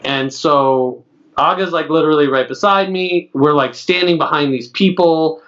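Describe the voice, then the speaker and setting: A man in his late thirties, chatting on a podcast with a slightly high voice. He tells stories freely and mimics the people in them. The sound is dull and lo-fi. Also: normal speed, fairly bright tone. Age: late 30s. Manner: chatty storyteller, acts out other people's lines. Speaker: podcast co-host. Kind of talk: casual podcast chat.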